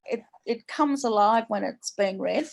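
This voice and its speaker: A woman's voice: mid-range voice, gravelly. Australian woman author reading her story. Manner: unhurried, plain storytelling in slang.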